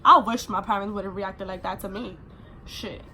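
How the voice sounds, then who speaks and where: A woman's voice: medium pitch, fairly even intonation, moderate pace, sharp tone, a little hiss or hum. A young adult woman vlogger telling a personal story in a casual, rambling way, full of fillers.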